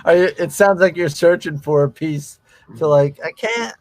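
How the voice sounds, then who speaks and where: A man's voice: fairly high pitch, normal speed. A man co-hosting a casual wrestling watch-along, joking around and laughing often. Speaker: podcast co-host.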